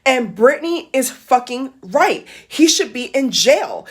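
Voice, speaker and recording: A woman vlogger speaking with fierce conviction, her voice sitting slightly high. She hammers her points home by repeating them and cursing bluntly, in a fired-up commentary style. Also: sing-song, takes it slowly, husky. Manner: fiery, emphatic, repeats phrases for emphasis, swears. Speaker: YouTube commentator. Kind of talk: impassioned vlog commentary.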